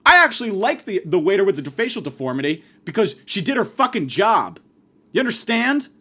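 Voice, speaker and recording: A man's voice: high voice, very animated, fairly quick, pushed and bright. A man hosting a podcast, delivering a profane, sarcastic comedic rant. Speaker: podcast host.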